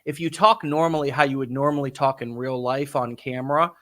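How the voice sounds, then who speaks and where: A man hosting an interview, speaking emphatically, restarting phrases and breaking into bursts of excitement. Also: medium pitch, fairly quick. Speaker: host.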